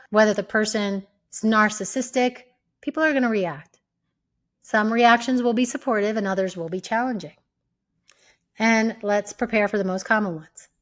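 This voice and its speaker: A woman hosting an advice talk, speaking in a calm, measured way and acting out sample replies. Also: mid-range voice. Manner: calm, measured, acts out sample lines with shifts of tone. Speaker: host.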